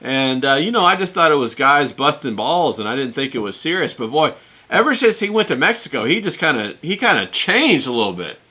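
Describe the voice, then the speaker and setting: A man's voice: medium pitch, very animated, brisk, bright, forceful tone. A man hosting a casual livestream chat, easygoing and full of fillers, laughing often. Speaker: host.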